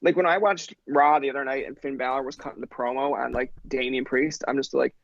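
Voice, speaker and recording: A man from Newfoundland in his thirties, a podcast guest telling stories in an animated, profane way and acting out the people in them. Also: medium pitch, brisk, creaky, no room sound, highs cut off. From Newfoundland, Canada. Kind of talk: casual storytelling chat.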